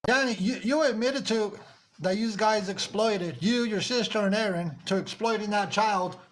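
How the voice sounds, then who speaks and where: A man's voice: high voice, normal speed. A man with a Mexican-American accent hosting a livestream, scolding and calling out viewers in an insistent way, often repeating himself. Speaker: livestream host. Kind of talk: confrontational livestream talk.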